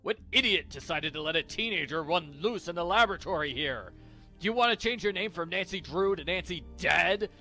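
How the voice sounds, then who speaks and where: A gruff, short-tempered older security guard who shouts every line, as a man puts him on. The voice is bright and forceful, and the pitch swings widely. It sounds like a storybook reading. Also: lively intonation, brisk, soft background music, exaggerated voice. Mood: furious. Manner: loud, shouting lectures.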